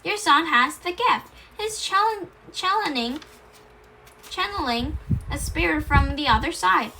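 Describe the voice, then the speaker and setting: A fussy, theatrical medium leading a séance, with a spooky edge to her talk, as a woman reading a storybook puts her on. Her voice is high and bright. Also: expressive, measured pace, a little hiss or hum, full character voice. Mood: earnest.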